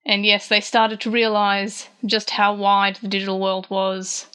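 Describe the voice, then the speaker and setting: Speaking unhurriedly and in a monotone, an Australian podcast host recaps a manga chapter, though she still lifts her voice for the quoted lines. Her mid-range voice is sharp and clean. She chats through the scenes with frequent fillers and restarts.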